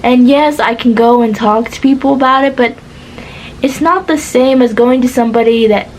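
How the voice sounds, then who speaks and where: A woman's voice: on the high side, normal speed, a little hiss or hum, rough recording. A woman in her twenties rambling casually to the camera from her bed at home, chatty and meandering with lots of fillers. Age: 20s. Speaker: vlogger. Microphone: camera or phone.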